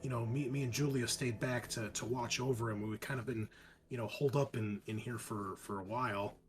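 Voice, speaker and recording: A man's voice: medium pitch, fairly even intonation, brisk, natural voice. A man voicing a nervous young male survivor who stammers and repeats his words. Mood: anxious. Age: young adult.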